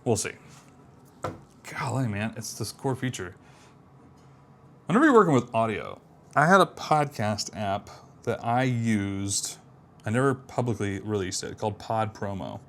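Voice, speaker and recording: Low-voiced man muttering through a coding session. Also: animated, a little slow, pauses often, fairly bright tone. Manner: mutters to himself, trails off, self-deprecating. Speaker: app developer streaming a live build. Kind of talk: casual thinking aloud while coding.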